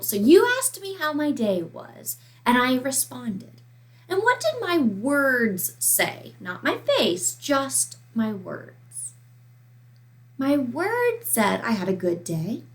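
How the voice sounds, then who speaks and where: A woman school counselor giving a slow, emphatic lesson to young children. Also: fairly high pitch. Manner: slow, emphatic teacher talk to young kids.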